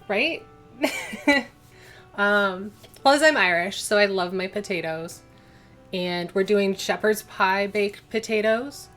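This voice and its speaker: A woman's voice: mid-range voice, a bit bright. A young woman hosting a casual cooking livestream from her home kitchen, chatting and rambling as she answers viewers' chat. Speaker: livestream host.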